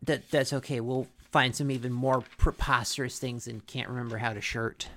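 Speaking at a normal speed with a mid-range voice, a man co-hosts a podcast where he recaps a cartoon episode in easygoing chat. He stays animated throughout and acts out quotes from the show.

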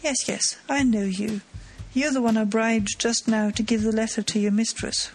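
A woman reading the part of a cool, mocking gentleman thief, teasing and self-assured, in her own voice. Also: a little high, fairly even intonation, normal speed, natural voice.

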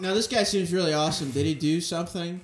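A man's voice: on the high side, fast talker. Sarcastic man with crowd noise behind. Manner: sarcastic, joking asides. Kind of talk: casual podcast chat.

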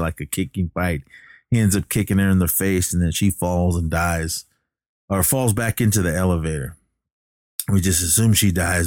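A man's voice: deep voice, a little mellow, no echo, studio quality. A man casually recapping a movie, rambling with many fillers and restarts.

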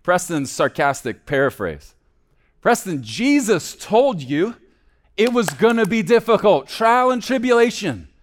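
Male pastor preaching; lively, slightly higher voice, big swings from loud to hushed. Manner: animated preaching, swings between loud emphasis and hushed low asides. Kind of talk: sermon.

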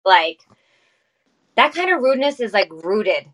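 A woman in a casual online chat, excitable and profane, calling out greetings. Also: medium pitch, unhurried, slight background noise, rough recording. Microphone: online audio room.

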